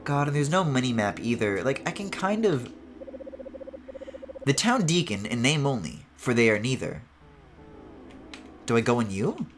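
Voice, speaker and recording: A man's voice: medium pitch, very animated, normal speed, pauses often, faint music behind. A man streaming a video game, chatting casually as he plays, swearing and laughing often. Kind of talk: casual let's-play commentary.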